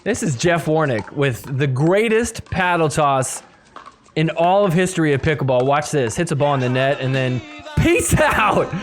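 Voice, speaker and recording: Laughing, lively male podcast host. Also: on the high side, slight background noise. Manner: laughs often, acts out players' thoughts in quick asides. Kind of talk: casual recap commentary over clips.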